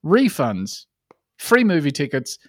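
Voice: mid-range voice, huge pitch swings, takes it slowly, no echo, studio quality. A podcast co-host, ranting and swearing through loose comedic banter on a live online show. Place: home studio, live online stream.

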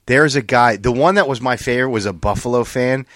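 A man's voice: medium pitch, brisk, dry recording, studio quality. A man hosting a podcast, telling funny stories in a casual, profane way and acting out what people said. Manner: animated, profane storytelling with acted-out quotes. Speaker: podcast host. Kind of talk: casual chat.

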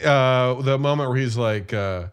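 A man chatting casually about a movie, animated and profane, retelling scenes as he goes. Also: mid-range voice, measured pace, smooth. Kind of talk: casual movie review chat.

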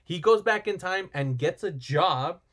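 A man's voice: high-pitched, lively intonation, unhurried, fairly bright tone. A man chatting casually as a podcast co-host, retelling a film plot in a rambling way and acting out the characters' lines. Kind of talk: casual movie recap chat.

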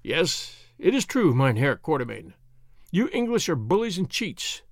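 A man's voice: a little high, a little slow, dry recording, studio quality, heavily acted. A man doing a bitter, raging Boer father. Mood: excited. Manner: excited, raving.

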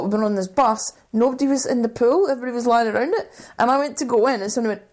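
A young woman co-hosting a podcast, telling lively anecdotes in casual chat. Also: fairly high pitch, quick pace. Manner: animated anecdote-telling with laughs. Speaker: podcast co-host.

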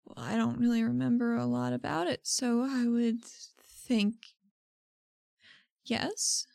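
A woman voicing a quiet, guilt-ridden young woman in a tabletop game, talking hesitantly and trailing off. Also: a little high, steady tone, slow, gravelly, dry recording, clean studio sound, full character voice. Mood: subdued. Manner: hesitant, soft-spoken, trailing off.

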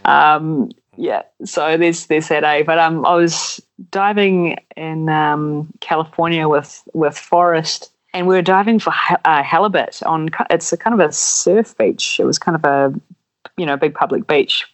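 Animated New man telling stories. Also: fairly high pitch, measured pace, poor audio. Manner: animated, acts out voices in anecdotes. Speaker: podcast guest. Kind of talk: casual storytelling.

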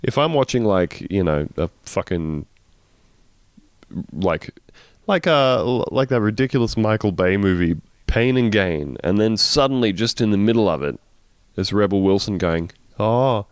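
A man's voice: fairly low pitch, animated, moderate pace, dry recording. An Australian man in his thirties co-hosting a podcast, rambling casually with lots of fillers and swearing. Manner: rambling, profane, many fillers and restarts. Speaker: podcast co-host. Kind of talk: casual chat.

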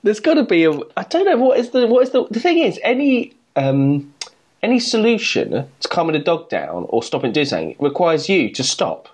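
A man's voice: a little high, wildly swooping pitch, a little fast, darkish tone, husky. Chatty teasing man. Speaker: podcast co-host. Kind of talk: casual chat.

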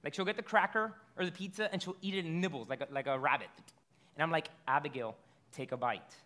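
A man's voice: sits high, expressive, fast talker, pushed and bright. A man preaching a sermon in a conversational way, asking the congregation rhetorical questions and often restarting his phrases. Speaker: pastor.

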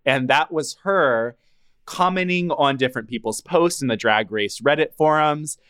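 A man's voice: a little high, normal speed, a bit bright, clean tone. A man co-hosting a podcast in casual chat, telling gossip as a story and acting out the lines he quotes. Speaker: podcast co-host.

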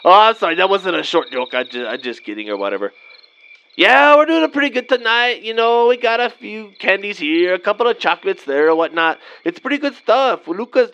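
A man's voice: high-pitched, fairly bright tone. A man in his thirties doing an improvised comedy sketch in a laid-back slacker drawl, always saying "man" and "vato". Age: 30s. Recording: dull lo-fi audio with faint night noise.

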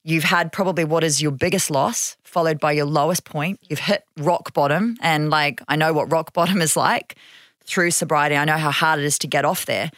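A woman hosting a podcast, asking thoughtful questions in a measured, casual way. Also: sits low, fairly even intonation, fairly bright tone, no echo, clean studio sound. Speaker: podcast host. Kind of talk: casual interview talk.

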